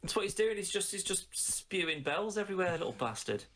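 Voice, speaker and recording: A man's voice: sits high, big pitch swings, fairly quick, background noise. Guy ranting on a podcast, lots of swearing, does silly voices when quoting stuff. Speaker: podcast co-host. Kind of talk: casual chat.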